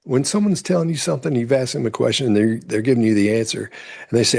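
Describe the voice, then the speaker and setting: Gravelly, husky male commentator. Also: medium pitch, darkish tone. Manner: measured, explaining step by step. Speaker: body-language commentator. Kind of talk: explanatory video commentary.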